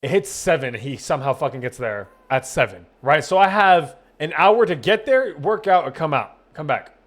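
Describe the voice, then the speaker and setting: A man's voice: on the high side, normal speed. Rambling, cursing young male streamer. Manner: rambling, profane, animated retelling with quoted dialogue. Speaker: gaming streamer. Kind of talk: casual storytelling to stream chat.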